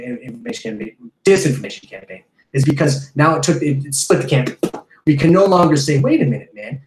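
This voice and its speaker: Profane ranting man in echoey room. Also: medium pitch. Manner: profane, heated, rambling with restarts. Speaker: podcast host. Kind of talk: casual rant.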